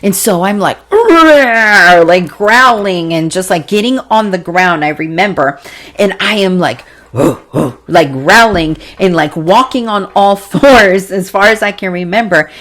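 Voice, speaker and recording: A young adult woman hosting a podcast, telling a personal story in a casual, animated way, swearing freely and acting out sounds. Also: mid-range voice. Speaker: podcast host. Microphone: podcast mic, seated in a squeaky chair.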